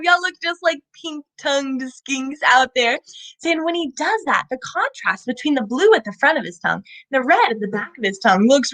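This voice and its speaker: High sing-songy lady showing kids her lizards, super animated, keeps asking them stuff. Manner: animated, asks young viewers questions. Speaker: animal educator hosting a kids' show. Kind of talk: live children's animal presentation.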